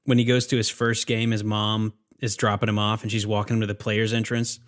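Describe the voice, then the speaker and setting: A man's voice: on the low side, brisk. A man co-hosting a movie podcast, chatting casually and laughing often. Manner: animated, laughs often, does goofy character voices in quotes. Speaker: podcast co-host.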